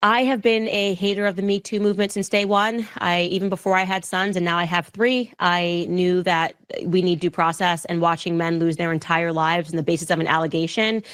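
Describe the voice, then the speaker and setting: A woman in her thirties answering interview questions with emphatic, rapid-fire arguments. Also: lowish voice, flat delivery, fairly bright tone, clean tone, no room sound. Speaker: interview guest.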